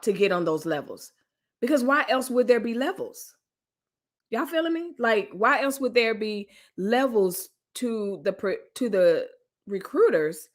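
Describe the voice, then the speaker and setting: Animated woman live-streaming, lively pitch. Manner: animated, chatty, reads comments aloud and jokes. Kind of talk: casual live-stream reaction chat.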